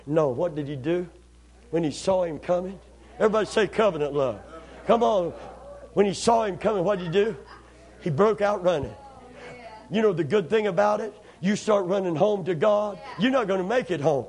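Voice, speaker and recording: A man's voice: high voice, normal speed, a little mellow, breathy edge. A man preaching a sermon with impassioned call-and-response, urging the room to answer him.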